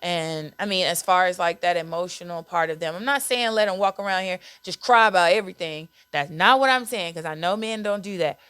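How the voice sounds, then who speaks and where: A woman's voice: fairly low pitch, brisk, hardly any pauses, fairly bright tone, smooth, no echo. A woman hosting a podcast, talking candidly and conversationally about self-care and parenting, repeating words for emphasis. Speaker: podcast host.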